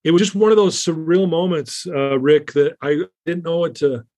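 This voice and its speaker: A man speaking as an interview guest, slightly higher-pitched than most men. He tells his story earnestly and candidly, circling back with fillers and restarts as he goes. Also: fairly even intonation, normal speed, darkish tone.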